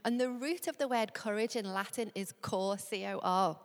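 A young woman giving an earnest, measured sermon, slowing down as she reads scripture. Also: medium pitch. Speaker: preacher. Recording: long hall reverb.

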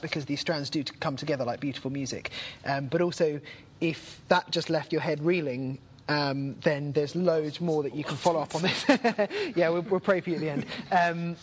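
Joking, self-deprecating man, slightly high voice. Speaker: co-leader of the study group. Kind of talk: casual group talk.

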